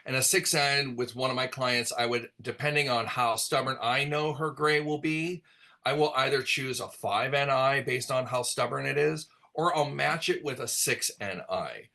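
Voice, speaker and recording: A man's bright, forward voice at an ordinary pitch, talking through his work as a colorist. He rambles in a relaxed way, full of ums and restarts, like an educator speaking in an online class. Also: normal speed, creaky. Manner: relaxed, rambling explanation with many fillers. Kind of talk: virtual class talk.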